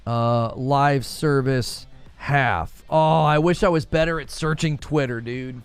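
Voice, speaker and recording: A man's voice: mid-range voice, takes it slowly, smooth, no room sound, soft background music. A man hosting a casual gaming news live stream, talking straight to his chat and mimicking other people's voices. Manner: animated, talks to chat, mimics others in raised voice.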